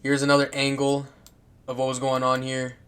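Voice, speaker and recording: A man's voice: medium pitch, monotone, normal speed, a bit bright, a little hiss or hum. A man casually commenting on football clips, rambling and swearing, with lots of fillers, restarts and laughs.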